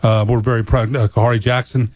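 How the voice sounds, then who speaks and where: A man talks as a guest on a sports radio show, rambling and enthusiastic, with frequent pauses. His pitch is medium. The sound is dry and close, with no room in it. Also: little pitch movement, a little mellow, dry recording. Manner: rambling, full of uh fillers, enthusiastic. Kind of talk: casual sports radio chat. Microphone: studio mic.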